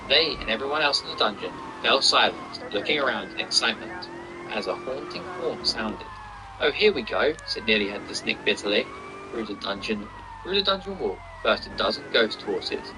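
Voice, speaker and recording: A man reading a novel aloud in a steady, even storytelling voice while playing a video game. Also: medium pitch. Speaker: reader and gamer. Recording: game noise and sirens behind. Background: traffic and police sirens from a video game.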